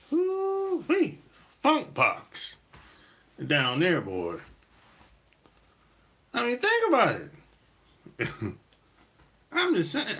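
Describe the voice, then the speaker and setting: A middle-aged man holds forth in a loose, rambling podcast monologue, laughing and dropping slang as he goes. His voice sits a little high for a man and swings around a lot. The tone is bright and forward. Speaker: podcast host. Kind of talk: casual monologue.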